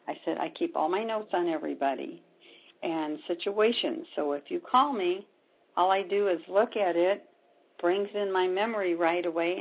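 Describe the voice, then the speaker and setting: A woman guest speaking of her healing work, retelling events with quoted dialogue and many pauses and ums. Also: fairly low pitch. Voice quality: gravelly, husky. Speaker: spiritual healer guest. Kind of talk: storytelling in a conversation. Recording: dull lo-fi sound.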